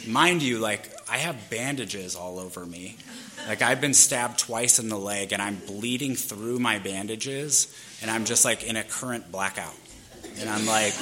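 A man's voice: mid-range voice, normal speed, a crowd in the background. A man in his thirties candidly telling his own life story in a loose, rambling way, peppered with fillers. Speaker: speaker sharing his recovery story.

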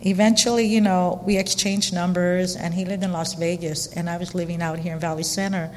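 A middle-aged woman candidly telling her own life story, chatty and animated with lots of fillers. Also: on the low side, fairly quick, slight background noise. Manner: chatty and animated, frequent fillers and quoted dialogue. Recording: long reverberant hall.

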